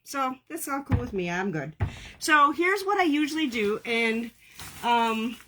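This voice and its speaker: A woman's voice: fairly high pitch, very animated, measured pace, sharp tone, a little hiss or hum. A woman, chatting casually with viewers as she hosts a crafting livestream from home, laughing often.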